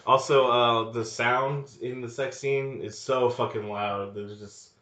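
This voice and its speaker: A man's voice: medium pitch, fairly even intonation, measured pace, sharp tone. A man co-hosting a podcast, riffing on a movie in casual chat, joking and swearing often. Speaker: podcast co-host. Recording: echoey room, dull lo-fi sound.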